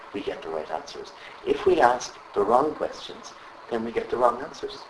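Animated man leading a workshop. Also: mid-range voice, recorded from a distance, slight background noise. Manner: animated, asks the audience constant questions. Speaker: trainer. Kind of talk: live workshop talk to a group. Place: training room with live audience. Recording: echoey room with faint ambience.

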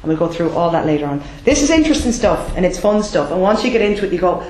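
An Irish woman leads a debt collection training class, her lowish, slightly mellow voice moving fast in a sing-song rhythm. She speaks emphatically and keeps checking in with her listeners, often asking "okay?" The room has a noticeable echo.

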